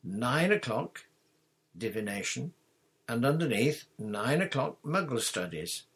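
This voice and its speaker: A man's voice: mid-range voice, very animated, unhurried, fairly bright tone, slightly rough, pitched above the performer's own voice, exaggerated voice. A man reading aloud, voicing a blunt teenage schoolboy who talks in an incredulous tone.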